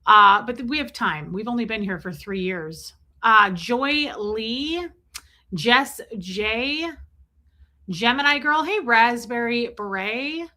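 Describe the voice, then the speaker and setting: A woman's voice: a little high, expressive, slow pace, sharp tone. A woman hosting a casual livestream, chatting and joking as she reads out viewers' names. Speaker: livestream host.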